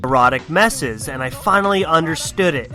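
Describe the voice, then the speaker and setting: A man's voice: a little high, animated, moderate pace, sharp tone, faint music behind. A young man hosting a casual podcast, rambling and profane, joking about himself. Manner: rambling, profane, self-deprecating. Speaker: podcast host.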